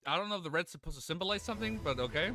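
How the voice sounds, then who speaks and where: A young man live-streaming his reaction, excitable, swearing and laughing often, teary-eyed. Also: on the high side, very fast, vocal fry, music in the background. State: tearful.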